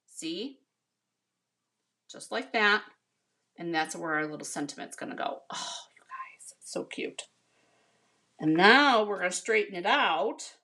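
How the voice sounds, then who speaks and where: A woman's voice: on the low side, pushed and bright. An American woman chatting casually with viewers as she demonstrates a card-making project, calling them "you guys" and "honey.". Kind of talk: casual craft tutorial.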